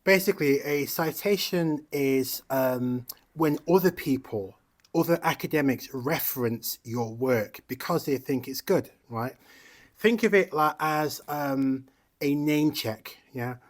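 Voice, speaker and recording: A man's voice: a little high, measured pace. A man hosting a commentary video. He reads an article aloud, adds casual asides with tags like "right?" and "yeah?", and speaks with passion and indignation, repeating phrases for emphasis. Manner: conversational, checks in with listener tags. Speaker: commentary channel host.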